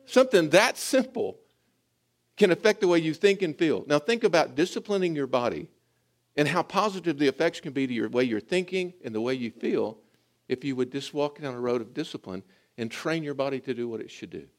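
A man preaching a sermon, his voice rising and falling in a lively swing. He sits a little higher than most men and speaks straight to the congregation, pulling them in. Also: brisk. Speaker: pastor.

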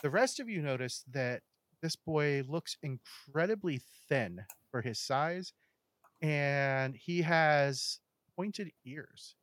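A man running a tabletop game as game master, describing scenes in a steady narrating voice with casual asides to the players. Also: a little high, slow, no echo, studio quality.

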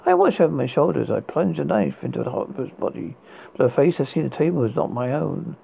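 A man hosting a horror podcast, reading his story in a halting way with restarts, on a tinny lo-fi recording. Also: on the high side, very animated, creaky, dark tone, husky. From United Kingdom. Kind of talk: read horror story narration. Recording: tinny phone-like lo-fi sound.

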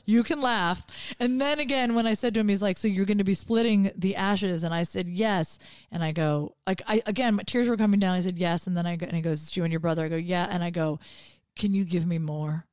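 A woman's voice: fairly low pitch, a little fast, smooth, no room sound, clean studio sound. A woman comedian telling stories in a casual podcast chat, acting out the people she quotes. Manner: animated storytelling, acts out quotes. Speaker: comedian guest.

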